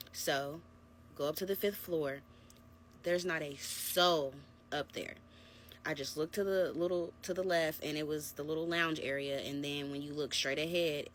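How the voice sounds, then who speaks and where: In a casual storytime vlog, a woman with a low voice tells a personal story straight to her viewers, calling them y'all. She's chatty and animated, with a little hiss or hum on the audio.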